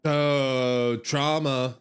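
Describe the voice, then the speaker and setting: A man streaming a video game, making joking, animated asides as he plays. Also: medium pitch, very slow, clean tone. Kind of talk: casual gameplay commentary.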